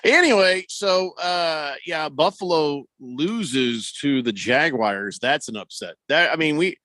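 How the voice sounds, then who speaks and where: A male sports radio host talks in a loose, rambling way, full of fillers and jokes. His voice sits fairly high and swings up and down a lot. The studio sound is dry and close. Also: animated, takes it slowly, pushed and bright, no room sound. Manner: rambling, jokey, lots of fillers. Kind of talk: casual sports talk.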